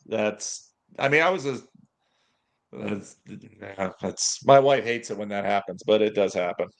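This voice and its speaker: A man's voice: lowish voice, measured pace, vocal fry. A man, a pastor, talking frankly and steadily in a casual chat over a video call. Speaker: pastor, guest.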